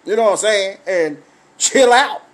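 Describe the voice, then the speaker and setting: A man telling a story as a blunt, animated comic rant, swearing constantly and breaking into laughs. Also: high voice, unhurried.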